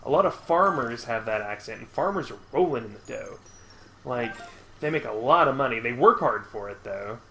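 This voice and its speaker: A man's voice: mid-range voice, lively intonation, normal speed, a little hiss or hum. Chatty American man streaming a game. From United States. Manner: chatty, laughs often, shifts between loud bursts and quiet asides. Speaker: streamer host. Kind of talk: casual chat while gaming. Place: indoors at home.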